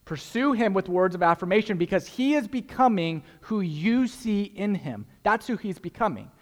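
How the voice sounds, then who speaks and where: A young man delivers a sermon as pastor, speaking earnestly and emphatically. He repeats his key phrases for effect, and his fairly high voice rings out with a long reverb through a large church hall. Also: expressive, normal speed.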